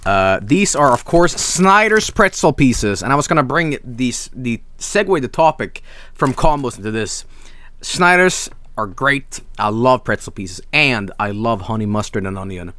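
A man's voice: mid-range voice, lively intonation, unhurried, bright, forceful tone. A man from Sweden, hosting a casual snack review stream, enthusiastic and rambling, swearing freely. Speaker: streamer host.

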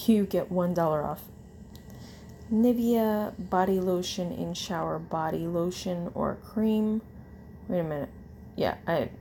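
A woman in casual chat, reading a long list of coupons in a slow, tired way, with fillers and self-corrections. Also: fairly low pitch, warm tone, slight background noise. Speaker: vlogger.

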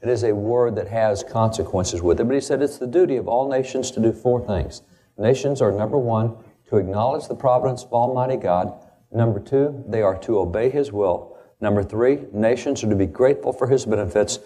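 A man's voice: lowish voice, brisk, warm tone. A man from the United States giving a lecture-style talk on the founders, emphatic and quoting old documents with stress on key words. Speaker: speaker on founding history.

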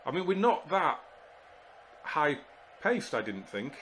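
A man commentating live on his football management game, exasperated and muttering to himself, with sudden shouts when goals go in. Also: on the high side, big pitch swings, slow, a little hiss or hum. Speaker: gaming YouTuber.

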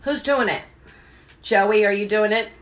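A woman's voice: medium pitch, unhurried. A woman teaching children's songs on a live stream, cheerful and sing-song, breaking into songs and silly sounds. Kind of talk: singing songs and chants for kids on a live stream.

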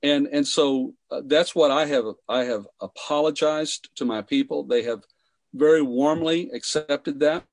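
A man, a pastor, answering in a podcast interview, speaking haltingly with many fillers. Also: fairly high pitch, dry recording.

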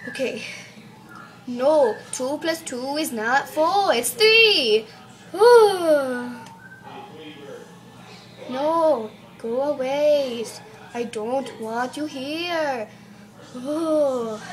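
A woman's voice: fairly high pitch, a little hiss or hum. A woman doing a bossy British teacher. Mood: exasperated. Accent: put-on British. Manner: scolding, exasperated, loud. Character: bossy scolding female British schoolteacher.

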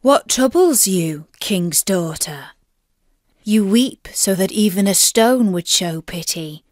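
A woman's voice: medium pitch, lively intonation, slow, a little mellow, no room sound, clean studio sound. A woman voicing a coaxing male frog in a fairy tale, speaking in old-fashioned storybook language. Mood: gentle.

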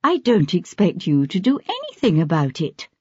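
A reader voicing a composed young noblewoman who speaks calmly and matter-of-factly, in an audiobook. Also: mid-range voice, normal speed, breathy edge, no echo. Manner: calm and matter-of-fact. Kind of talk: audiobook character voice. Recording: dull lo-fi audiobook recording.

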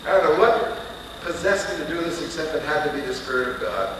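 Man preaching, dramatic storyteller, higher voice, distant mic, booming echo, hiss. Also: lively intonation, fast. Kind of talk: sermon storytelling. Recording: echoey hall recording from far off, with hiss.

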